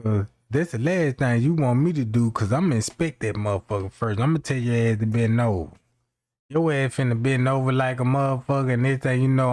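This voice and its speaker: A male stream host with a medium-pitched, darkish voice delivers a casual comedic rant. He cracks profane jokes, rambles, and slips into quoted voices.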